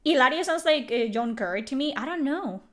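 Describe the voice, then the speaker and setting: A woman from the Canary Islands speaks Spanish with a Canary Islands accent while streaming a video game, offering animated, opinionated commentary. Her voice sits high and she talks fairly quickly.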